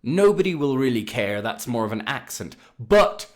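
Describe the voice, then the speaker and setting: Lively man teaching pronunciation. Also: mid-range voice. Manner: lively, demonstrative, drawn-out example words. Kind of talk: podcast lesson.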